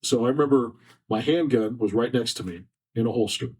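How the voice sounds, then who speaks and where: This podcast guest speaks fairly quickly in a mid-range voice that's a little mellow and slightly rough. His personal story comes out earnest and emotional, with plenty of repetition. The mic sounds distant due to a faulty setup.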